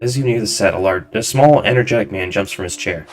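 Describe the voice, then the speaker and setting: A man casually playing and narrating a video game, reading its text aloud in a relaxed, mumbly way. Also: on the low side, fast talker, few pauses. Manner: laid-back, mumbly, reads text aloud. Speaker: gameplay narrator. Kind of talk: casual let's-play narration. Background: game music.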